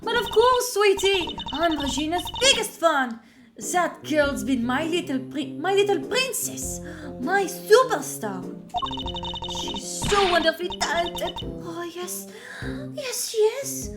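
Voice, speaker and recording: A woman's voice: very high-pitched, sing-song, slow, pitched above the performer's own voice, full character voice. A woman voicing a fawning middle-aged female prison warden who talks in sugary endearments. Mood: doting. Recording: loud game music behind.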